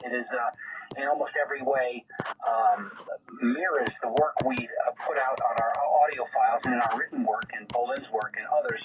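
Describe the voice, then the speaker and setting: Male radio host, halting delivery, noisy lo-fi archive sound. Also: medium pitch, steady tone. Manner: hesitant, many fillers. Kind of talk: radio show introduction.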